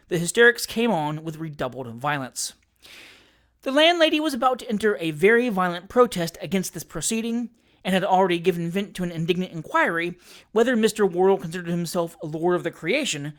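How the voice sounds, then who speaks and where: A storyteller reads a classic novel aloud with a dramatic flair. The pitch rises and falls in lively swings. The reading is expressive and scripted. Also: fairly quick. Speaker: audiobook reader.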